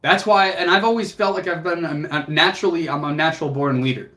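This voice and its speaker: Earnest motivational man, slightly high voice. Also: fairly even intonation, fast, sharp tone. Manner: earnest, motivational, swears casually, gets emotional. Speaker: fitness coach and livestream host. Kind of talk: emotional livestream talk with viewers.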